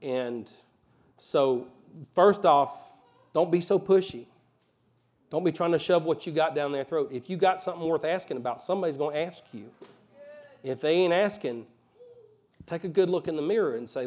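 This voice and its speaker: A pastor from Alabama with a mild Southern accent, preaching a conversational sermon with folksy asides and rising emphasis. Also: male voice, fairly high pitch, normal speed, darkish tone.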